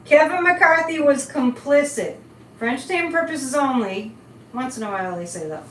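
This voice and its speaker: A fairly high-voiced woman talks casually on a live stream, chatty and animated. The room is echoey, with a faint hiss of noise behind her. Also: normal speed. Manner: chatty and animated, reads chat comments aloud. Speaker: psychic livestream host.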